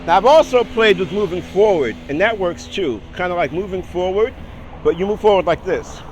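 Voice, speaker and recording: A man teaching a casual singing lesson, talking through posture steps in a relaxed way and checking in with the listener. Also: sits high, normal speed. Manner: relaxed, talks through steps with "all right?" and "okay". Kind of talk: casual vocal lesson with exercises. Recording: outdoor traffic noise behind.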